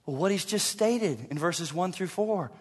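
A man preaching a sermon as a pastor, emphatic and swinging between soft and loud passages. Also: sits high, expressive, unhurried, husky, long reverb tail.

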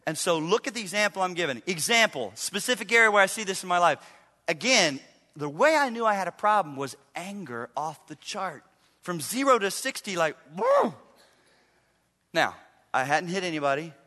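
Middle aged guy pastor, high voice, animated sermon storytelling, echoey sanctuary. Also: a little fast. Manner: animated storytelling, acting out quotes in a raised voice. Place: church sanctuary. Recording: reverberant live church hall.

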